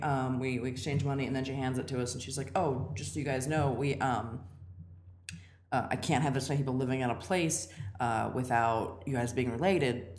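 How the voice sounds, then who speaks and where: A young woman with a low voice tells a rambling, funny story on a podcast. She talks in an animated way, laughing often and filling gaps with "like". The room around her sounds echoey. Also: slight background noise. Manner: animated, laughing, many fillers. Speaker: podcast guest. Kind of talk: casual storytelling chat.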